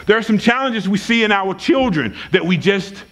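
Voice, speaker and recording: A man's voice: high voice, expressive, moderate pace, fairly bright tone. A man preaching a sermon at a church service, emphatic and folksy, repeating his key lines for weight. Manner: conversational, folksy asides. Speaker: pastor.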